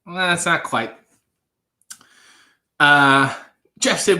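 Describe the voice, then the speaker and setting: A man's voice: fairly high pitch, big pitch swings, unhurried, pauses often, bright, forceful tone. A man in his thirties hosting a live stream, reading out viewer comments with a dry, offhand humor.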